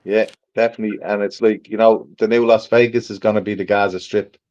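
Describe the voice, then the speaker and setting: A man's voice: fairly low pitch, little pitch movement, fast talker, a little mellow. Joking Irish man on a lo-fi line. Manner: teasing, laughs often. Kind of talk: casual joking podcast banter.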